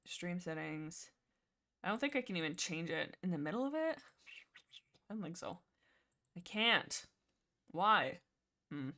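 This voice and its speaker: Bright, rambling young woman streamer. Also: fairly low pitch, very animated, unhurried, long pauses. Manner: rambling, giggly, lots of fillers. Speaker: livestream host. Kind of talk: casual book-discussion livestream.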